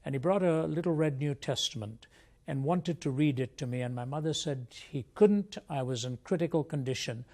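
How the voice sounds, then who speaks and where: Gravelly older man telling his story. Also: fairly high pitch, moderate pace, darkish tone. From India. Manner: earnest, reflective storytelling. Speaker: guest speaker. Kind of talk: personal testimony in an interview.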